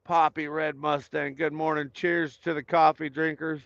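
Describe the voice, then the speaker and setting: A man's voice: on the high side, flat delivery, moderate pace, gravelly, a bit bright, no echo, dull audio. A man hosting a casual live stream, greeting viewers by name and chatting loosely with lots of fillers while he waits to start. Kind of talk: casual chat reading viewer comments.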